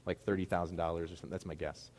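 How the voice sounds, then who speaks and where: This pastor's voice is deep and a little mellow, with a flat delivery at a racing pace. Preaching in a Midwestern American accent to a congregation gathered in a middle school hall, he talks conversationally and asks rhetorical questions.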